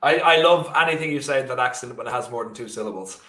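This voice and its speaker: A man's voice: medium pitch, quick pace, fairly bright tone. Rambling Irish man co-hosting a football stream. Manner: rambling, many fillers and restarts. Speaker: watchalong co-host. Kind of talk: casual live-stream football chat.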